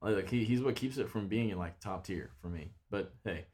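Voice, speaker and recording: A man's voice: low-pitched, fairly quick, darkish tone. Laid-back young man podcast co-host. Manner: laid-back, laughs often. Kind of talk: casual chat.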